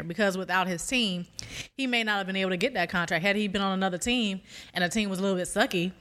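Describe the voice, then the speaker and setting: A woman's voice: medium pitch, fast, a bit bright. A woman co-hosting a casual talk show, easygoing and agreeable. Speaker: podcast co-host. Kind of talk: casual chat.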